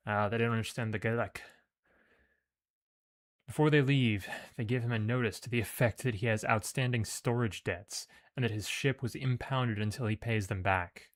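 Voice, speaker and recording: A man's voice: medium pitch, normal speed. A man playing a video game and casually reading its story text aloud, with offhand asides. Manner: casual, reads with loose emphasis and asides.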